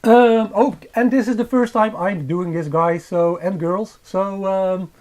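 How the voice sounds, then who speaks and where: Hesitant Dutch-accented man, mellow voice. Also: high voice, fairly even intonation, measured pace. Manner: hesitant, many filler sounds and restarts. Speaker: astrophotography channel host. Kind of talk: live-stream presentation. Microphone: cheap microphone.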